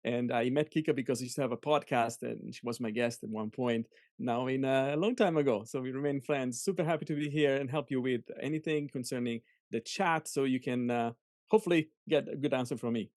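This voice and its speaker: A man from Italy, friendly and relaxed, introducing himself as co-host and chat moderator of an online cooking class. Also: mid-range voice, fairly quick, no room sound, studio quality.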